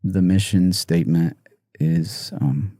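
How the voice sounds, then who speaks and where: Musician guest, man, low and very dark voice, halting and choked up, dry close sound. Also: fairly even intonation, dry recording. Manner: halting, soft-spoken, many fillers and restarts. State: emotional, choked up. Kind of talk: podcast interview.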